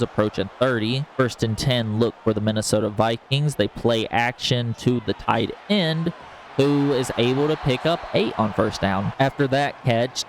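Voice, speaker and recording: A man's voice: mid-range voice, a little hiss or hum. A young man giving sportscaster-style play-by-play of a football video game. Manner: sportscaster-style, quickly excited. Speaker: gaming commentator.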